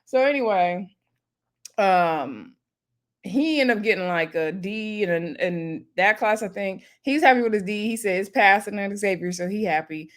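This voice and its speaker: A woman's voice: mid-range voice, unhurried. A woman casually recapping a reality show episode, laughing often and acting out what the cast said. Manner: chatty, laughs often, lively retelling with voiced quotes.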